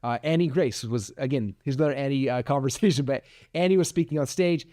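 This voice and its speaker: A man's voice: medium pitch, fast, darkish tone, dry recording, clean studio sound. A man in his forties hosting a podcast, giving a rambling motivational talk full of likes and restarts. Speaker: podcast host.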